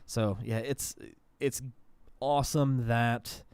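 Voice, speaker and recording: A man co-hosting a casual podcast, with a smooth, resonant voice at a middling pitch. He rambles and keeps restarting his sentences. The close mic sounds dry, with no room echo. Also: steady tone, slow pace, a little mellow. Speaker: podcast co-host. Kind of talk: casual chat.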